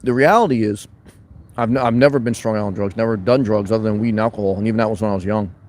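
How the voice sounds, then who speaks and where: A man hosting a casual livestream from his van, reading chat comments aloud, loud and boisterous at times, calm at others. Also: fairly low pitch, rapid-fire, slight background noise. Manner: loud, boisterous, shifting between fired-up and calm.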